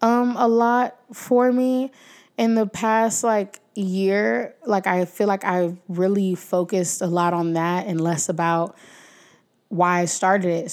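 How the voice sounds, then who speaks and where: A young woman hosting her own podcast, talking casually and emotionally to her listeners, with many fillers and frequent thanks. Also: lowish voice. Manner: warm-hearted, emotional, many fillers, talks to listeners as y'all. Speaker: podcast host. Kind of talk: casual heartfelt podcast outro.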